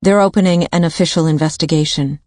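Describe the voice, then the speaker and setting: A woman narrator voicing a composed female police sergeant who asks measured, probing questions. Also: low voice, steady tone, darkish tone, dry recording, clean studio sound, natural voice.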